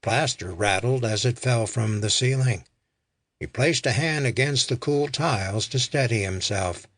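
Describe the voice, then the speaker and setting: A man reading an audiobook in a slow, deliberate manner. His voice sits at a middling pitch, and the recording is dry and close. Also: fairly bright tone, no echo. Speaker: audiobook narrator. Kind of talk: scripted narration.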